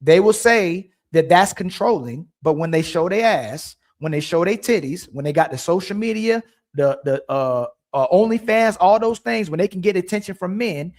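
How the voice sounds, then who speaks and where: A man with a fairly high voice hosts a livestream debate. He is loud and emphatic, repeating his points and cutting across the others. His delivery stays forceful and insistent. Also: lively intonation, normal speed. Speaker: livestream show host. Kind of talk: heated casual debate.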